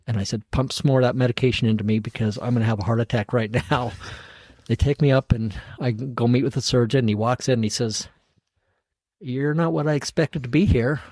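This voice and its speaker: A man's voice: medium pitch, fairly even intonation, fast, a little mellow, no echo. A middle-aged man, a podcast guest, tells his own story in casual talk, acting out the voices of the people in it and chuckling at himself.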